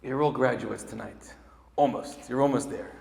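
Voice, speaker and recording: A man's voice: mid-range voice, moderate pace, creaky, darkish tone. A man with an Israeli accent, a native Hebrew speaker, giving an emphatic graduation speech and putting questions to the audience. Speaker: commencement speaker. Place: large event hall. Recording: echoey hall with long reverb.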